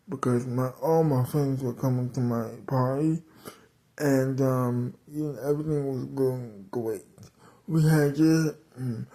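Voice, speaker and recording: Slow, mellow male storyteller. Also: fairly high pitch. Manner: halting, many fillers and restarts. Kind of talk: improvised story narration.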